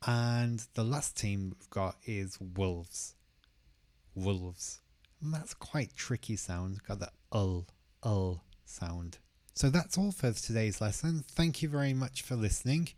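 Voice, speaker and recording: A man teaching English pronunciation, slowly repeating each word clearly for learners in a careful lesson style. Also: medium pitch, animated, a little mellow, no echo.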